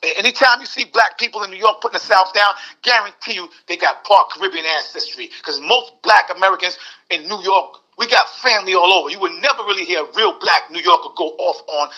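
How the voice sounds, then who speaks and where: A man's voice: sits high, quick pace, sharp tone. A man in his sixties arguing heatedly as a podcast guest, mimicking voices and repeating words. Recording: dull lo-fi audio.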